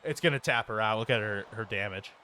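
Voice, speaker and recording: A man's voice: fairly low pitch, fast, bright, forceful tone, a little hiss or hum. A man doing casual video game commentary with a co-host, blunt and argumentative, cursing freely.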